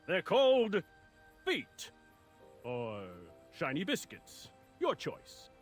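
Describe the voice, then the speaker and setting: A show-off young knight in a video game who always refers to himself in third person. His voice sits high and leaps wildly up and down while he takes his time over every line. Game music plays softly underneath. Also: wildly swooping pitch, drawn-out words, heavily acted. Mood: boastful. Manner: showy, self-adoring, playful. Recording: game audio with music behind.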